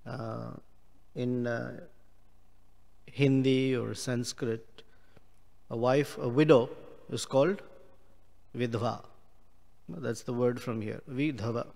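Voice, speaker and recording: Slow-speaking man teaching scripture in a hall. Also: mid-range voice, steady tone, vocal fry, a little mellow. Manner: explains Sanskrit words slowly, with many pauses. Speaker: class speaker. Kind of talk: scripture class.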